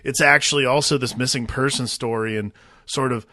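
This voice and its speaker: A man's voice: medium pitch, fairly even intonation, fairly quick, sharp tone, no echo, studio quality. A man co-hosting a casual movie podcast, musing loosely about films with lots of "like" and restarts. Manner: loose, filler-heavy musing with many "like"s. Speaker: podcast co-host.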